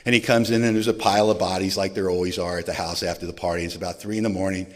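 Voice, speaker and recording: A man in his forties shares his story from a stage, low-voiced and dry-humored about himself. His voice rings out with the long echo of a big hall. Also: steady tone, racing. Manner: self-deprecating, humorous storyteller. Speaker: recovery meeting speaker. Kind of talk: personal recovery story told to an audience. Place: large event hall. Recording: long reverb of a large hall.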